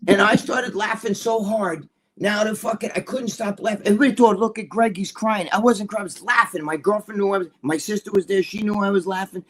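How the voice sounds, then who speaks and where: An older man co-hosting a podcast, telling a story in a profane, animated way and laughing as he goes. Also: high-pitched, fast talker. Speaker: podcast co-host. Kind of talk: casual storytelling chat.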